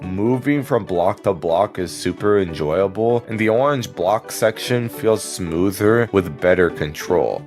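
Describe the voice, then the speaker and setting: A young man giving scripted video-game commentary in a sarcastic, crude, joking rant. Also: fairly low pitch. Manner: sarcastic, crude, fast joking rants with acted asides. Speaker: gaming commentator. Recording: faint background music.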